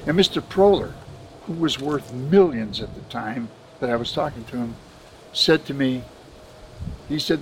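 A man's voice: medium pitch, a little slow, noisy background. Older man telling business stories. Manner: anecdotal, chuckles often, quotes others in dialogue. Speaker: benefits administrator telling his career story. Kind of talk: casual storytelling interview.

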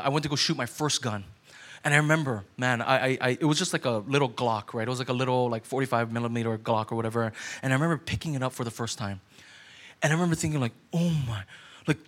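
High-voiced man preaching a sermon. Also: a bit bright. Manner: conversational, rising to urgent repeated questions. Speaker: pastor.

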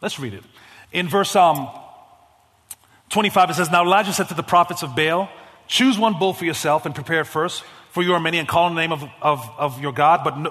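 A man preaching as a guest pastor, casual with slang, swinging between loud fervent calls and hushed storytelling. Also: high voice. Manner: casual, youthful slang and repetitions. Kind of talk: sermon. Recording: long hall reverb.

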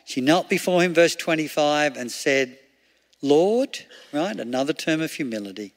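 Speaking at a moderate pace in a slightly high voice, this man delivers a casual sermon packed with laughter and rhetorical questions. The hall adds a long reverb to the sound.

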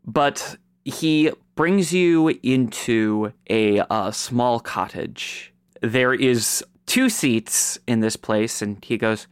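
A man running a tabletop game, narrating slowly and with a loose, offhand delivery. His voice is clear and smooth. The sound is dry and close. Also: mid-range voice, dry recording. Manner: unhurried, filler-laden narration. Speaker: game master.

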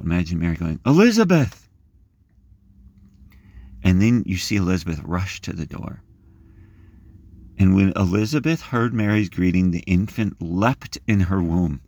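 A man leading a guided scripture meditation, gently inviting listeners to imagine the scene and rising in pitch as he reads the verses. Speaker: prayer leader.

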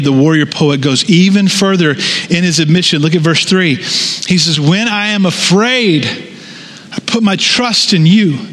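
A man preaching a sermon as a pastor, reading scripture aloud and breaking into casual, animated asides. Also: a little high.

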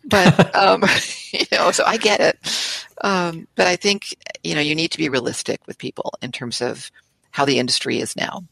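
A woman, an interior designer, talking in an animated, conversational way as an interview guest, with frequent laughs and soft trailing asides. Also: sits low, normal speed, gravelly, husky, no echo.

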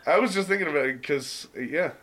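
A young man hosts a casual podcast chat with friends, loose and joking, swearing freely. His voice sits a little high and sounds bright and forward. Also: fairly quick. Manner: laid-back, swears a lot, laughs often. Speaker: podcast host.

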